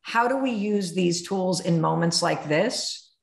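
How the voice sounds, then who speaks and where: A woman in her fifties from the United States, hosting a podcast with animated, candid storytelling and some swearing. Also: on the low side, measured pace, vocal fry. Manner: animated storytelling, swearing, acts out inner voices. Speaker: podcast host. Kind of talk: candid conversational interview. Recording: roomy echo.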